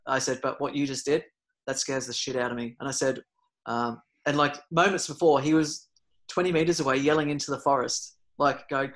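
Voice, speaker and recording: A man, a podcast guest, telling a personal story in casual talk, full of fillers and restarts, and getting loud and animated at the dramatic moments. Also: a little high, a little fast. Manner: rambling, many fillers and restarts; gets loud and animated retelling scary moments.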